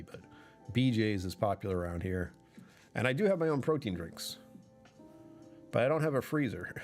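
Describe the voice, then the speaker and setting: A man chatting casually on a livestream, rambling and correcting himself, often laughing mid-sentence. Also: fairly low pitch.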